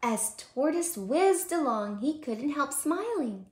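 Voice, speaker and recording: Expressive, unhurried woman reading a bedtime story. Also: high voice. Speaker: preschool teacher. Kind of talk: storybook read-aloud. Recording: roomy echo.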